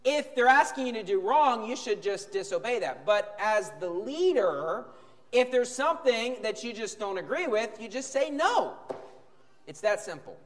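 A high-pitched male pastor delivering a sermon with emphatic swings between sharp shouts and calm, low-key stretches. His voice rings through a church hall with a long, lingering reverb. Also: moderate pace.

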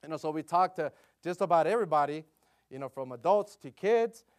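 A middle-aged male preacher delivers a relaxed, story-driven sermon, speaking at a slightly higher pitch than most men. His talk is full of "you know" fillers, and he grows louder and more animated whenever he gets excited. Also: brisk.

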